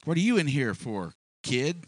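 A man's voice: mid-range voice, very animated, normal speed, no room sound, voice pushed down, rough recording. A man voicing a skeptical male fellow prisoner who asks prodding, scornful questions. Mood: needling.

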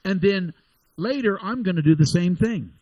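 A preacher acting out a calm, sure old prophet who barks orders and mocks his rivals. His voice sits fairly high for a man and sounds dry and close. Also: normal speed, breathy edge, no room sound, lo-fi sound. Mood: commanding. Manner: taunting, commanding.

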